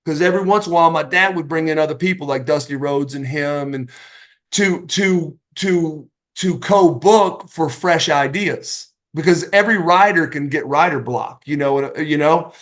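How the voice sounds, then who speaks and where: A middle-aged man, a retired wrestler and podcast guest, telling stories in a casual, animated way, acting out the voices of the people in them. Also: on the high side, normal speed. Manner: animated anecdotes, acting out quoted voices, many restarts. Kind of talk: casual storytelling.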